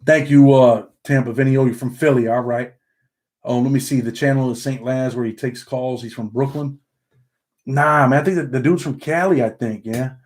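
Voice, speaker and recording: A man from upstate New York who talks with a Southern country twang after many years living down south. He hosts a relaxed livestream, reads the chat out loud and ends nearly every sentence with "man". His voice sits at an ordinary middle pitch for a man. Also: normal speed. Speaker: livestream host reading chat.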